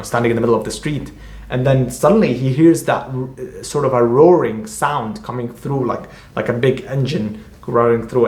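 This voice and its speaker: A man, an author, talks through his novel in a loose, rambling way and keeps stopping and restarting mid-sentence. His pitch sits in the middle range. The room has a clear echo. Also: a little mellow. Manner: rambling, halting, many fillers and restarts. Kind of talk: casual book discussion. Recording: echoey room.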